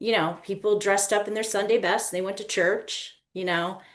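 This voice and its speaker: A woman co-hosting a podcast in casual chat, talking in a chatty, animated way with lots of "you know". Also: mid-range voice, normal speed. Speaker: guest co-host.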